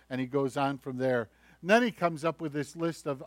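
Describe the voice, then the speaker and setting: A male pastor giving a conversational sermon, telling the story in a lively way with acted voices. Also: medium pitch, moderate pace, no echo. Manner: conversational, animated storytelling preacher who acts out voices.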